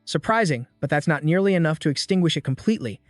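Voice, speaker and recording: Man narrating a story recap, fairly high. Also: animated, fast, no room sound, clean studio sound, faint music behind.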